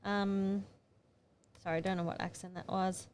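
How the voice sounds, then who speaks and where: In this editing tutorial, a female photographer thinks aloud and mutters to herself in a chatty way as she edits. She speaks in a mid-range, a little mellow voice with little pitch movement, at a slightly slow pace, with slight background noise.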